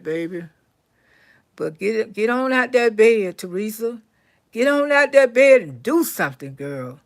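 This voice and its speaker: A woman telling stories and praying for her live chat, swinging from loud to soft. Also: medium pitch. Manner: animated storyteller, swings from loud to soft prayer. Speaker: comedian livestream host.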